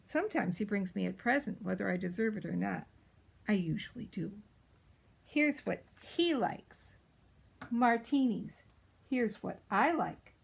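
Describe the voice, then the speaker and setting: A woman voicing a precocious, spoiled little girl as she reads a storybook in character, with a pert, drawn-out way of stressing words. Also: mid-range voice, animated, gravelly, breathy edge, full character voice, low-quality recording.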